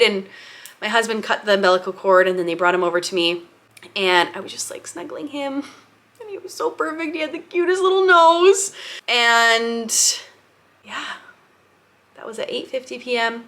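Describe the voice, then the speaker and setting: A woman's voice: mid-range voice, bright, forceful tone. A young woman telling a personal story in a casual, emotional way, with many "like"s. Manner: casual, emotional, says "like" often. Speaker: vlogger.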